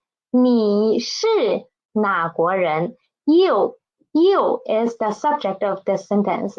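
Woman language teacher, fairly high voice, slow and patient, repeats drills, muffled lo-fi sound. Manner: patient, repeats each word for students.

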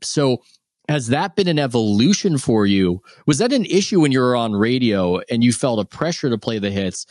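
A man's voice: lowish voice, darkish tone, no echo, studio quality. A man hosting an interview, asking long, winding questions. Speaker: podcast host.

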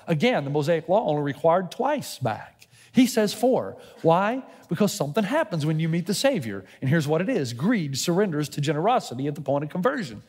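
A man's voice: fairly high pitch, very animated, brisk, hardly any pauses, darkish tone, husky, long reverb tail. A middle-aged man preaching a sermon as a pastor, telling a personal story and acting out both sides of his conversations with God. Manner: storytelling preacher who acts out dialogue with God.

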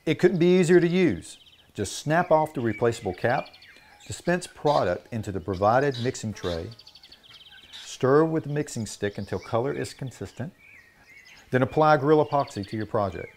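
A man's voice: mid-range voice, lively intonation, normal speed, darkish tone. A man reading a scripted product advertisement as voice-over, with an upbeat, punchy sales delivery. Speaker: announcer.

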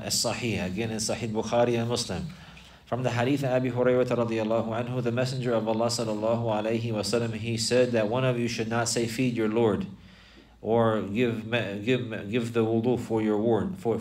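A man's voice: fairly low pitch, recorded from a distance. A man teaching a religious class, explaining word by word and repeating key phrases.

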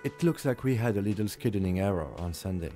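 A man voicing a calm, reserved male police lieutenant in a game, speaking low, quietly and in a measured way. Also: faint music behind, natural voice. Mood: dry.

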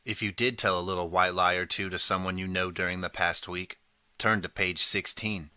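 A man reading a choose-your-path storybook aloud in the second person, steady and clear. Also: sits low, normal speed, no echo. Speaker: audiobook narrator.

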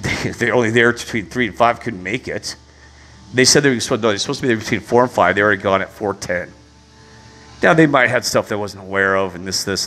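A man on a passionate, indignant religious rant, repeating his exasperation and rising to loud peaks. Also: lowish voice. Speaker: vlogger.

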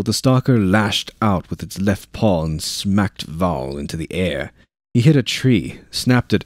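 Deep voiced guy reading a war novel, dry close sound. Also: dry recording. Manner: steady narration with shouted dialogue lines. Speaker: audiobook narrator.

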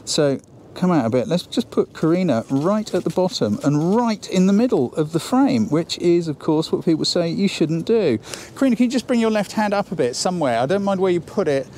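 A man with a high, mellow voice and lively intonation teaches photography on a shoot, talking briskly, chatting, encouraging and thinking aloud as he works. The lesson moves from outdoors to inside a building, with a little hiss or hum in the audio.

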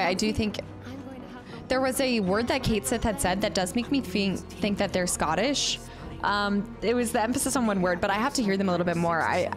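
A young woman streaming a video game, chatty and excitable, thinking aloud as she plays. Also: medium pitch. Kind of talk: casual let's-play commentary.

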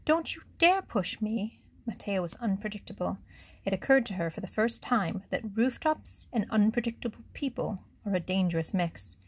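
A woman reading an audiobook in a steady, measured storytelling manner. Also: mid-range voice, husky, no room sound. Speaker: audiobook narrator. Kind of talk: scripted narration.

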